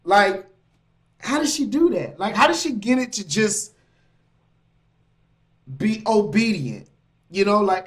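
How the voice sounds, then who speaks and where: Animated slangy man reacting on stream. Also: high-pitched, slow pace, pauses often. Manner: animated, laughing, slangy asides. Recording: mic.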